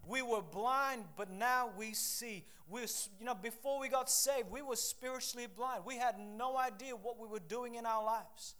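A male preacher from Papua New Guinea delivering a sermon, reading scripture and telling lively stories with sudden swings in loudness. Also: very high voice, measured pace, few pauses. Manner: animated storytelling with shifting loudness, acts out voices.

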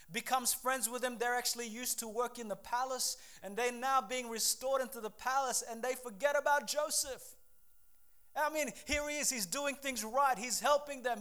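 Pastor, male, very high voice, lively preaching style, acts out the people he quotes. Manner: animated preaching, acts out the speakers he quotes, calls out to the congregation. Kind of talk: sermon.

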